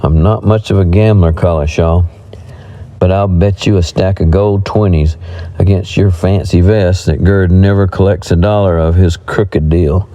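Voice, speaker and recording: A man voicing a proud, defiant young frontier man who speaks forcefully and with sarcasm, in a western audiobook. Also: low voice, fairly even intonation, normal speed, close to an everyday voice.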